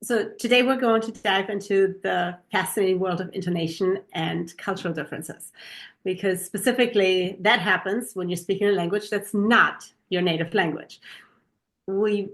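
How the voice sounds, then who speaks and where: A woman's voice: medium pitch, normal speed, fairly bright tone. Chatty German woman co-hosting a podcast. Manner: chatty, tells stories with lots of ums. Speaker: podcast co-host. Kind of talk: casual podcast chat.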